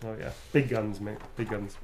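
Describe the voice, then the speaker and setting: A man's voice: on the low side, fairly even intonation, moderate pace, darkish tone. A man signing autographs on a livestream, chatting playfully and putting on sultry readings of quoted lines. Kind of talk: casual livestream chat.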